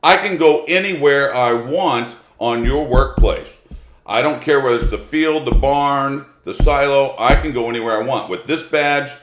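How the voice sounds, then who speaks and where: Brief: man voicing a boastful male inspector, blustering and loud, echoey room. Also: medium pitch, moderate pace, noisy background, voice pushed up, close to an everyday voice. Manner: blustering, raised voice. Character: cocky male safety inspector, boastful and pushy.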